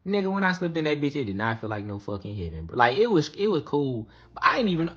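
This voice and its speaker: A young man spins a casual storytime monologue full of slang and profanity, often asking "you hear me?" and his voice jumps high as he recounts panicky moments. He sounds sing-song, quick, and husky, and the recording is muffled.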